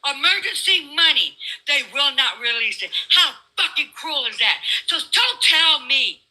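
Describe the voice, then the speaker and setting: A woman's voice: high-pitched, sing-song, measured pace, bright, forceful tone, poor audio. Heated profane woman ranting. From California. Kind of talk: heated political argument.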